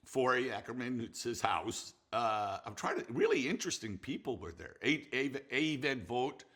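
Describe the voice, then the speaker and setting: An older man, a film director, telling anecdotes in an animated, laughing way with many restarts. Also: mid-range voice, moderate pace. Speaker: film director recalling a colleague. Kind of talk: anecdotal storytelling.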